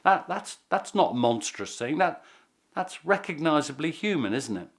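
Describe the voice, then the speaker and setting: A man, a historian telling the story in an animated way with frequent restarts. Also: a little high, moderate pace. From Britain. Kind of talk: documentary interview.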